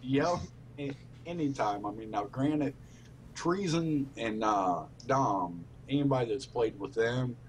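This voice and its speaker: A man's voice: medium pitch, lively intonation, slow, slight background noise. A man hosting a casual podcast, telling stories with lots of laughs and swearing. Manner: laughing storyteller, swears freely. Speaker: podcast host. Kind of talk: casual memorial chat.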